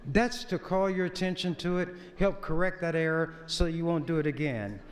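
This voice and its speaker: A man's voice: a little high, moderate pace. A man who is a senator, giving a folksy, lecturing floor speech in a legislature. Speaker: state senator. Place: large legislative chamber. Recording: long reverb of a chamber.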